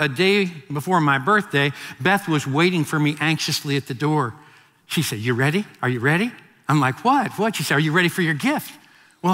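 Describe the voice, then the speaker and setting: A male pastor in his fifties preaches a sermon, with a high, bright, ringing voice. He tells stories with frequent restarts and repeated words. The sound carries a long reverb, as in a large hall. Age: 50s.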